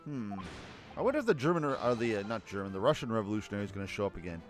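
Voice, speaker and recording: A man's voice: fairly low pitch, expressive, rapid-fire, soft background music. A man streaming a video game, giving wry, joking commentary between character voices. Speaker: let's play streamer.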